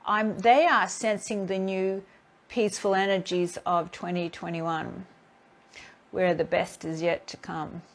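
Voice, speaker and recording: Her voice sits on the low side and moves a little slowly. In relaxed spiritual talk on a live stream, this healing therapist energetically recounts her own experiences, performing both sides of each encounter.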